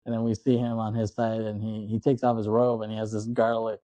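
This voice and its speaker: A man co-hosting a podcast, retelling a film scene by scene in casual, rambling chat, slipping into quick voices for the characters. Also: on the low side, monotone, mellow, dry recording. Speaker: podcast co-host.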